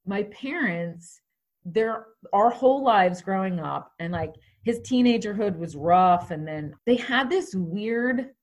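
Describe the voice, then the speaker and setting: Female guest, 40s, chatty storyteller, pace shifts between quick and slow. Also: mid-range voice, lively intonation. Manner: conversational, many fillers, speeds up and slows down. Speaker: podcast guest. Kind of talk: candid personal storytelling.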